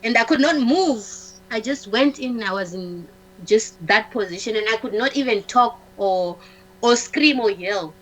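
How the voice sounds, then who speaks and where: A woman, a talk-show guest, telling a personal story in a halting way, restarting often, repeating words and acting out what others said. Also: on the high side, expressive, poor audio. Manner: acts out the dialogue of others in her story.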